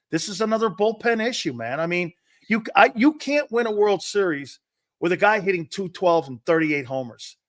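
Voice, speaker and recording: A man's voice: fairly high pitch, no echo, studio quality. A man hosting a sports talk show, giving blunt, emphatic opinions and often tossing in "man.".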